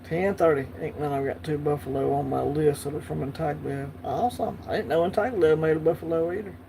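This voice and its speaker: Brisk and warm, his slightly high voice carries some vocal fry, with a bit of hiss or hum in the background. He's a Southern US livestream host, easygoing and chatty, answering the chat on the fly.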